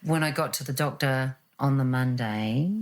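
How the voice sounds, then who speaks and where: A woman, telling her own story in an animated, reflective way and acting out what was said. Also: a bass voice, normal speed, slight background noise. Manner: animated, acts out quotes with laughs.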